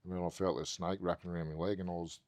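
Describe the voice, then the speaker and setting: A very low-voiced Australian man tells a story the way he'd tell it to a mate. He drifts and circles back as he goes, swearing in nearly every sentence, loose and animated. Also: very fast. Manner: swears constantly, rambling and animated. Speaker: podcast guest. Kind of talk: casual storytelling.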